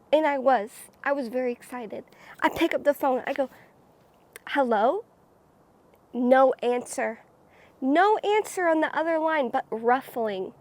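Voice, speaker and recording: A young woman telling a casual storytime to her viewers, animated and dramatic. Her voice sits high, and she fills her talk with "like" while building up the story. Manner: animated, dramatic, many filler "like"s. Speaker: vlogger.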